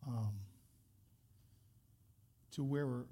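A man's voice: medium pitch, extremely slow, dark tone. A man pastor leading a church service, telling a story and praying in an earnest, conversational way with restarts. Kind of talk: church service talk and prayer.

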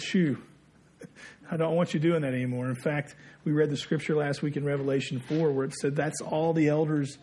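A man's voice: on the high side, darkish tone, breathy edge. A man preaching a sermon, telling a story in a conversational way and dropping his voice when he quotes others. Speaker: pastor.

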